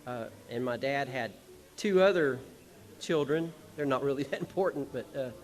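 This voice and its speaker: A man's voice: medium pitch, normal speed. A man speaking on a concert hall stage, telling family stories in a folksy, rambling, emotional way with small chuckles. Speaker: son of the honored musician, speaking at a tribute show. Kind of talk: personal stage speech.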